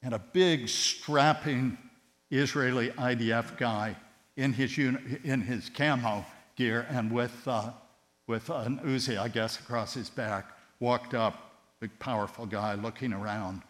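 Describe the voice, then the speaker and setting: A man preaching a sermon with passion, his voice surging loud on key words and then dropping to a hush. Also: mid-range voice, steady tone, unhurried. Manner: impassioned, swinging between loud emphatic rises and hushed tender drops. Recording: long hall reverb with mains hum.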